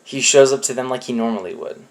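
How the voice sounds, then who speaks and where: A man's voice: medium pitch, fast talker, gravelly. A young man giving a casual youth sermon, talking conversationally and acting out quotes in playful voices. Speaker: youth pastor.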